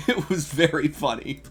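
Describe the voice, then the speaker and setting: A man's voice: on the high side, slow, slight background noise. A man streaming a game, casual and joking, with frequent swearing. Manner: swearing, joking, laughs a lot. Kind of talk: casual live-stream commentary.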